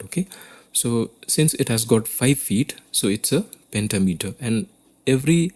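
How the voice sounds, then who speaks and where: Teaching poetry to a class, this Indian English-accented man works through the material step by step. His mid-range voice carries a darkish tone. He frequently pauses to ask "okay?".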